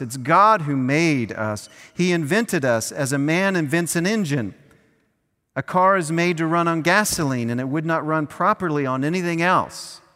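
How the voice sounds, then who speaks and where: A little high and fairly bright, the pastor's voice fills a church with long reverb. He keeps his sermon conversational and breaks into small acted scenes from time to time.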